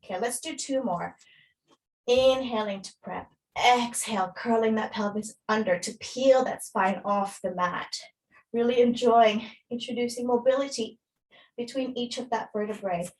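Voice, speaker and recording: A woman's voice: fairly high pitch, normal speed, darkish tone, recorded from a distance, rough recording. A woman fitness instructor, a little out of breath, guiding a workout and counting reps with encouragement.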